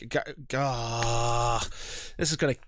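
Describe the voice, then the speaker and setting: A man hosting a podcast who chats casually and rambles, often stopping to hunt for a name and swearing under his breath. His pitch is middling. The sound is dry and close, with no room echo. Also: steady tone, slow pace, fairly bright tone. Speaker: podcast host.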